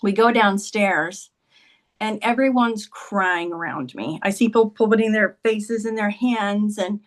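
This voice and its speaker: Woman, podcast guest, conversational, emotional storytelling, middle pitch. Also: unhurried. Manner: conversational, leans on "like" and "he goes".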